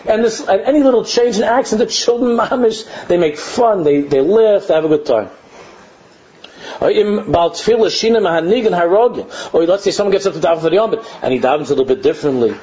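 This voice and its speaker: A man giving a religious lecture, reading lines of a text and translating them, animated and often mimicking mocking children with repeated phrases. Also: high voice, quick pace, muffled recording. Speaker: Torah teacher.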